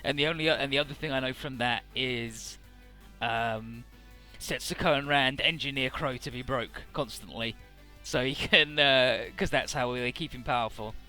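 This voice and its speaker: Bright-voiced rambling game commentator man. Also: medium pitch, normal speed, soft background music. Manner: rambling, profane, jokey retelling. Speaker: Let's Play commentator.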